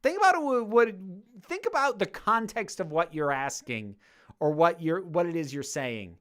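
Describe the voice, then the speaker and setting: A woman's voice: fairly low pitch, sing-song, moderate pace. A woman answering viewer questions in a casual monologue, speaking passionately, getting worked up and swearing freely.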